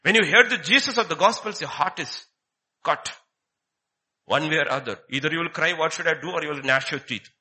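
Guy preaching, super bright tense voice, keeps repeating himself and asking questions. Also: a little high, brisk. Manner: emphatic, repeats key phrases, rhetorical questions. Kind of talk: sermon.

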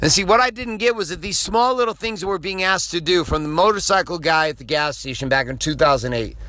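A man's voice: sits high, fast, pushed and bright, dry recording. A middle-aged man delivering an intense, preachy motivational podcast monologue, swearing freely.

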